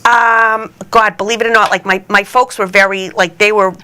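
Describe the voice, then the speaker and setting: A woman's voice: mid-range voice, fairly even intonation, moderate pace, pushed and bright, clean tone. A middle-aged woman comedian with a Boston accent, telling stories in a brash, laughing way on a live podcast. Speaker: guest comedian.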